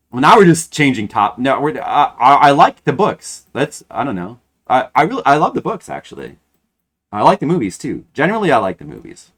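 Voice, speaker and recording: A man streaming a video game, commenting casually and rambling with many restarts and hesitations. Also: medium pitch.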